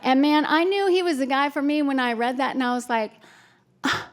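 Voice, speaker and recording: A woman's voice: high-pitched, fast talker. A woman speaking at a recovery retreat, telling personal stories to an audience in a candid, self-mocking way with laughs and fillers. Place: retreat conference hall.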